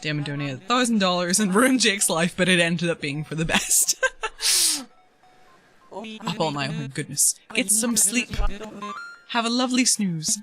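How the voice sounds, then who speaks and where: A woman's voice: medium pitch, very animated, measured pace, long pauses, fairly bright tone, soft background music. A woman streaming a video game from home, chatting casually and giggling as she talks to her viewers and her pets. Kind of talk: casual live-stream chatter while playing.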